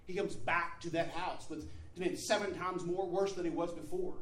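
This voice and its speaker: A preacher giving a sermon in a church, moving between hushed asides and shouted exhortation. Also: medium pitch, fairly even intonation, normal speed, recorded from a distance. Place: church sanctuary. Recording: echoey hall, voice from off-mic.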